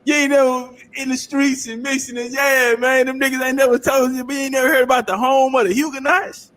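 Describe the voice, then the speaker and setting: A man reacting to a clip in casual, rambling, profane commentary, loud and laughing often. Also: extremely high pitch, level tone, brisk. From South Carolina.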